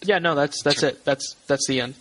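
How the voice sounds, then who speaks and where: A man narrating a tabletop horror game as game master over a voice call, with halting, filler-heavy narration. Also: fairly high pitch, a bit bright, poor audio. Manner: halting, many fillers and restarts.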